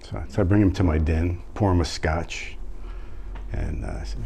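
A middle-aged or older man telling jokes in a quiet, offhand way, often adding "right?". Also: low-pitched, fairly even intonation, moderate pace, slight background noise. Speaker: joke teller. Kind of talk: casual joke-telling.

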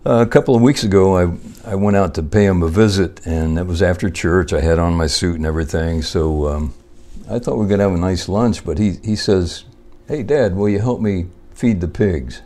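A middle-aged or older man telling long folksy jokes in an unhurried, rambling way, with fillers and chuckles. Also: deep voice, a little mellow. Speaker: joke teller.

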